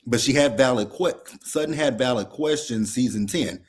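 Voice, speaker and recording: A man's voice: medium pitch, moderate pace, slightly rough. A man co-hosting a casual recap chat, blunt, profane and worked up as he talks. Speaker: podcast co-host.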